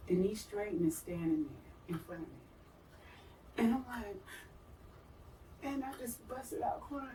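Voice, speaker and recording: A middle-aged woman telling a personal story as an interview guest, animated, acting out the voices she quotes. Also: unhurried, pauses often. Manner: animated, acts out quoted voices with big pitch jumps. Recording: roomy, from far off the mic, faint noise.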